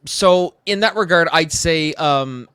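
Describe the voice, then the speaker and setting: A man's voice: fairly high pitch, slow, bright, forceful tone, smooth, no room sound, studio quality. A man from Canada, an actor and theatre director, speaking as a podcast guest in a reflective, casual way with plenty of fillers. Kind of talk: casual interview chat.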